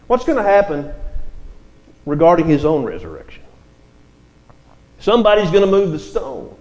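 A man's voice: on the high side, very animated, measured pace, pauses often, a little mellow, highs cut off. A man preaching an expository sermon, reading scripture verses aloud and explaining them.

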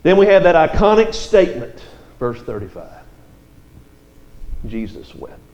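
A man's voice: high-pitched, very animated, normal speed, darkish tone, dull audio. A man preaching an expository sermon, reading scripture verses aloud and explaining them.

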